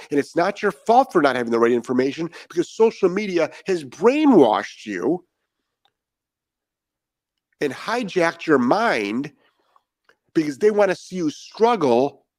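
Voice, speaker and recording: A man's voice: on the high side, darkish tone, no echo. A man talking as a dog trainer in a podcast monologue, blunt and profane and firing off rhetorical questions.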